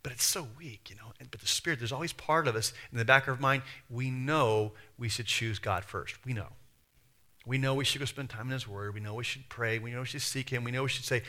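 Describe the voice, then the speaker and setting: A man pastor delivers a sermon in a very bright, forward voice. He keeps it conversational, throws rhetorical questions at the congregation and slips into little acted-out quotes. His pitch sits in an ordinary middle range. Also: brisk.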